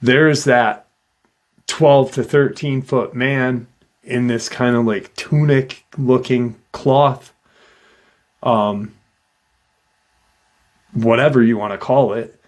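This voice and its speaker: A middle-aged man slowly retelling a witness's eerie encounter in a casual, halting way, with many fillers. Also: mid-range voice, fairly even intonation. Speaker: host retelling a witness account. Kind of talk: casual storytelling.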